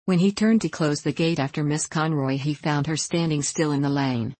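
An audiobook narrator with a low, slightly mellow female voice reads a scripted story at normal speed. There's no room sound at all.

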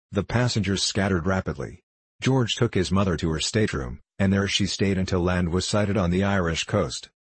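A man reading a novel aloud as audiobook narration, in an even, unhurried storytelling manner. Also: low-pitched, breathy edge, dry recording. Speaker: audiobook reader. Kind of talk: scripted narration.

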